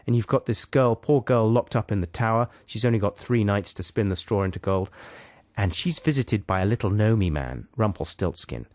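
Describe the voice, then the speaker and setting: A man's voice: fairly low pitch, animated, normal speed, a little mellow, dry recording, studio quality. A man co-hosting a comedy talk show, retelling a fairy tale with lots of tangents, asides and caveats. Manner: rambling, tangent-prone, full of asides and caveats. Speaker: radio show co-host. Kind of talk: comic storytelling chat.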